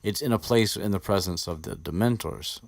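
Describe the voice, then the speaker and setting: A low-voiced man rambles through a casual podcast chat, swearing freely and restarting his sentences. The sound is dry and close, with no room echo. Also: normal speed, vocal fry. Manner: rambling, profane, restarts often. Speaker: podcast host discussing a book.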